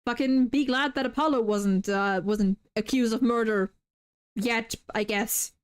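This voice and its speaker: A woman's voice: a little high, steady tone, unhurried, smooth. A young woman with a German accent, German her native language, chatting casually over a game and swearing freely. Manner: swears freely, stammers on restarts. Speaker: streamer.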